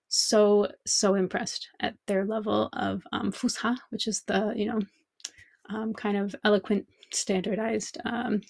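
A woman's voice: mid-range voice, vocal fry, no room sound, clean studio sound. A woman hosting a solo podcast, talking through her experiences as a language teacher in a chatty, reflective way with many fillers and restarts.

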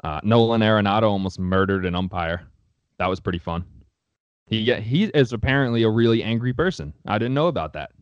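A young man with a fairly low voice talks sports in a loose, blunt, opinionated way and swears freely. The sound is dry and close, with no room around him. He co-hosts the chat in a casual, offhand tone. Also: lively intonation, brisk, smooth, no room sound, dull audio. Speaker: sports podcast co-host.

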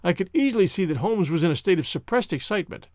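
A man narrating a classic detective story for an audiobook in a measured storytelling way, on a close mic. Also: sits high, expressive, dry recording.

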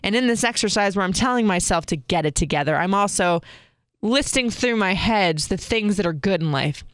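A woman, candidly telling viewers a personal story in a casual, expressive way. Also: medium pitch, moderate pace, dry recording, studio quality. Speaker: vlogger.

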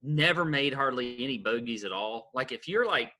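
A man co-hosting a casual podcast, telling stories in a chatty, animated way. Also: mid-range voice, moderate pace. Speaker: podcast co-host.

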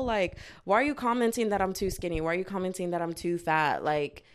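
A young woman speaks into her own mic in a loose confessional vlog. She rambles and leans on "like" constantly, then jumps in with sharp, self-mocking asides. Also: fairly low pitch, fairly quick, few pauses. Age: young adult. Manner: rambling, heavy use of "like", self-mocking outbursts. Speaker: vlogger. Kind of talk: casual confessional monologue. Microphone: own microphone.

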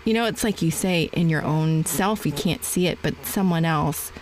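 A woman in her forties with a somewhat low voice hosts a podcast conversation. She tells her own story in an animated way and acts out past exchanges. Faint noise sits behind her voice. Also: normal speed, rough recording. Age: 40s. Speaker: podcast host. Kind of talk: conversational interview.

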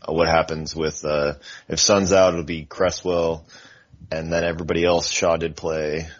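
A man with a very deep voice chats playfully as a guest co-host on a football podcast. His voice comes through a dull, muffled recording. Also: little pitch movement, moderate pace. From American South. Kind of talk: casual football podcast chat.

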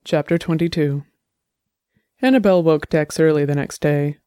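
A man narrating an audiobook in a measured, even storytelling manner. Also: fairly high pitch, clean tone, no echo, clean studio sound. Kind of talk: scripted narration.

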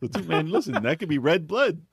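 A man co-hosting a casual chat about video games, talking quickly and laughing often. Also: fairly high pitch, vocal fry, breathy edge, no room sound. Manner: fast, animated, laughs often. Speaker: podcast co-host. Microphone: low-volume mic.

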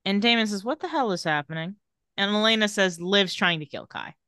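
A woman's voice: mid-range voice, fairly quick, bright, forceful tone, no room sound, clean studio sound. A woman co-hosting a podcast, casually recapping a TV episode scene by scene and quoting the characters. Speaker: podcast co-host.

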